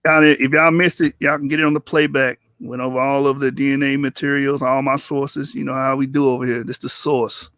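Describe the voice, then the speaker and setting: A man's voice: mid-range voice, flat delivery, a little fast, hardly any pauses, a bit bright, no room sound. A man hosting a livestream debate in loose, casual talk, teasing viewers in the chat and laughing often. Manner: addresses viewers in the chat directly.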